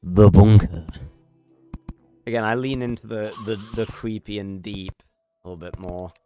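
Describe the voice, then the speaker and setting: A man's voice: fairly low pitch, a little fast, soft background music. A man livestreaming a game, chatting casually and rambling with lots of fillers and restarts. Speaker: streamer. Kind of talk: casual gameplay livestream chat.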